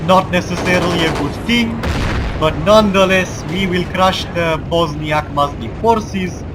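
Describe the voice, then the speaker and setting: This high-pitched male gamer, a Balkan speaker faking an American accent, comments on gameplay at a measured pace. He delivers overblown war speeches in jest alongside wry remarks, while game ambience and vehicles roar loudly underneath.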